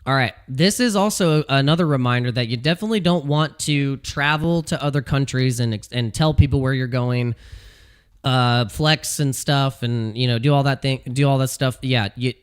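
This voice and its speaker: A man giving casual commentary as a video host, animated and ranting, repeating phrases and laughing at his own jokes. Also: mid-range voice, clear, resonant tone. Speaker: crypto YouTuber. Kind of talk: casual talking-head commentary.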